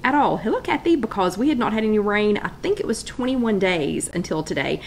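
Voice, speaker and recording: A woman's voice: mid-range voice, expressive, brisk, a little hiss or hum. Chatty woman hosting a live chat. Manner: chatty, greets viewers by name, reads comments aloud. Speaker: host of a live online wellness chat. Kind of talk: casual live-stream chat greeting viewers.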